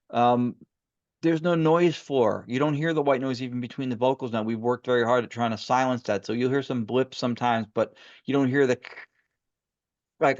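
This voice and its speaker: Man, podcast guest, mid-pitch, eager rambling storyteller, muffled lo-fi sound. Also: no echo. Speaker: guest paranormal investigator. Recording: muffled lo-fi audio.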